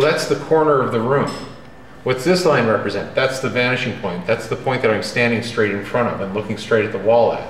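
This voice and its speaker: A man's voice: mid-range voice, slight background noise. A man teaching a drawing class, direct and emphatic, often checking in with his students. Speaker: drawing instructor. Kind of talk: classroom lecture. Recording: roomy classroom with faint ambience.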